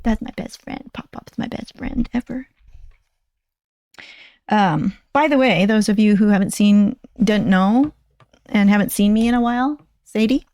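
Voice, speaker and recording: A woman's voice: mid-range voice, a little slow, dark tone, dry recording, studio quality. A woman in her sixties chatting casually and rambling on a livestream, thanking her viewers. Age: 60s. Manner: chatty, rambling, self-deprecating. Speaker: livestream host.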